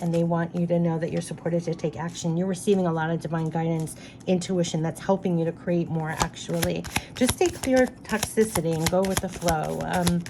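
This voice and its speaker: A woman with a low, mellow, warm voice reads spirit cards aloud for the viewer. She sounds earnest and heartfelt, circling back to the same reassuring phrases over and over. Faint noise sits underneath her. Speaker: spirit card reader. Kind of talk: intuitive card reading addressed to the viewer.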